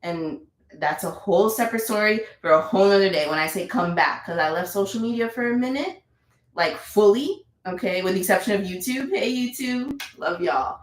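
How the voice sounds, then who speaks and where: A woman's voice: medium pitch, moderate pace, roomy sound, poor audio. A woman leading a live yoga class, chatty and encouraging, repeating her cues. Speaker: yoga instructor.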